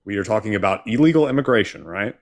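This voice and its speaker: Blunt low-voiced male co-host. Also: expressive, quick pace. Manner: blunt, interrupting, swears. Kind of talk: heated political debate.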